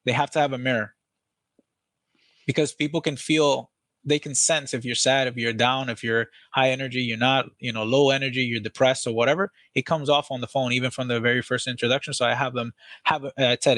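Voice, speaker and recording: A man talking as a podcast guest about training salespeople, energetic and blunt, swearing casually in relaxed chat. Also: medium pitch, brisk, no echo.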